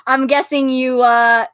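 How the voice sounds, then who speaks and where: A woman hosting a casual live-stream chat, talking loudly and laughing often. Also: high voice, no room sound. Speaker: podcast host.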